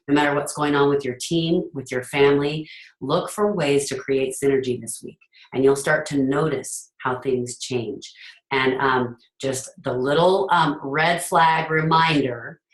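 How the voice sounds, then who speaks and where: A middle-aged woman host talking casually and earnestly about leadership, sometimes acting out what parents say. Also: sits low. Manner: earnest, acts out parents' voices. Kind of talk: casual talk to an audience. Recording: echoey room.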